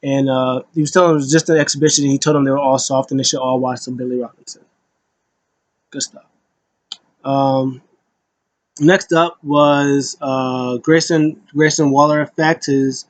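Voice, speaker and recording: A man's voice: mid-range voice, steady tone, moderate pace. A man casually recapping a wrestling show, rambling with lots of fillers and briefly paraphrasing the wrestlers.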